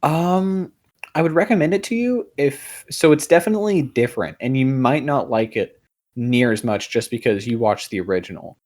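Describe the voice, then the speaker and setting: With an animated, mid-range voice that's a little mellow, a young co-host talks through a casual podcast chat at a moderate pace. He rambles, uses lots of fillers and restarts, and swears offhandedly.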